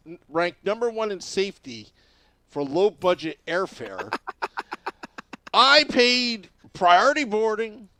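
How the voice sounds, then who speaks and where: Animated, higher-voiced male podcast host. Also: slight background noise. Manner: animated storytelling with laughs and restarts. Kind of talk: casual chat.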